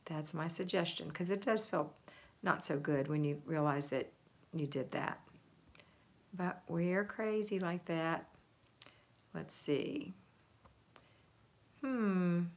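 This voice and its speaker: A woman's voice: on the low side, slow, long pauses. A woman hosting a casual live stream from home, chatting and reading viewer comments aloud. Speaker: livestream host.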